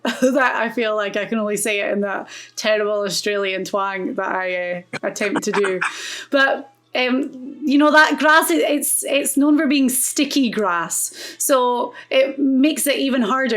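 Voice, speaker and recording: A woman's voice: fairly high pitch, a little slow, a bit bright. A woman co-hosting a golf podcast, asking questions and talking over picks in a chatty way. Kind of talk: casual golf chat.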